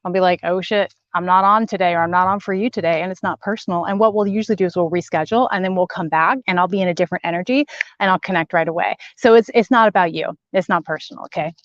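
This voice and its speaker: A woman channels spirit messages while hosting a live-streamed broadcast, speaking fast in a lowish voice. She's chatty and warm-hearted, talking emphatically, repeating words and reading viewer comments aloud. The stream audio is dry, dull and lo-fi.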